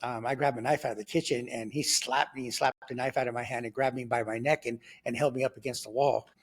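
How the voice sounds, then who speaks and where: A man in his sixties telling his life story in conversation, lively and rambling, with lots of fillers and sudden jumps in pitch when he acts out other people's voices. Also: quick pace, slightly rough. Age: 60s. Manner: loose and rambling, full of fillers and restarts. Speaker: guest sharing his testimony.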